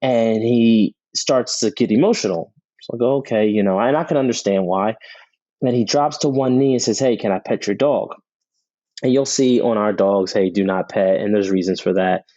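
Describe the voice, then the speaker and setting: A man's voice: fairly low pitch, normal speed, dark tone, no echo. A middle-aged man telling personal stories in an interview, earnest, often repeating the first word of a sentence. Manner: earnest, repeats words when starting sentences. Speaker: podcast guest, Army veteran. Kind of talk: conversational interview storytelling. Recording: dull, lo-fi dry sound.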